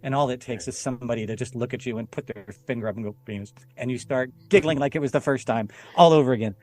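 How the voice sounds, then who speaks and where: A man's voice: mid-range voice, quick pace. A man telling a story as a podcast guest in a casual chat, often laughing and acting out the people he quotes. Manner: animated, laughing, jumps into quoted voices. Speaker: podcast guest, former stuntman.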